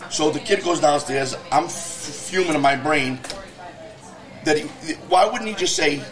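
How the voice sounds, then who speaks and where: Brief: male podcast guest, higher-pitched, fast heated profane rants. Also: expressive, a bit bright. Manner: heated, profane storytelling rant; quick, emphatic talk. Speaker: guest, business owner. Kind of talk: casual podcast conversation.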